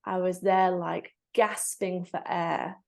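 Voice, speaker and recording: A woman with a fairly low, slow voice and vocal fry speaks on a podcast interview about her own life. As a breathwork facilitator, she's frank and reflective, livening up quoted moments with animated asides.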